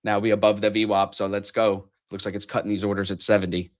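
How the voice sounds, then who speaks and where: A man's voice: lowish voice, little pitch movement, fast. A man trading on a live stream, rambling and joking crudely while teasing his co-hosts. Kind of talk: casual crude banter.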